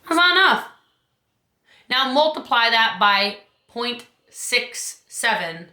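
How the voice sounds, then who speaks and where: Emphatic woman coach with a bright voice. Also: very animated, slow, reverberant. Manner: emphatic, urgent, rises high on key points. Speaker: business coach. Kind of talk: motivational talk.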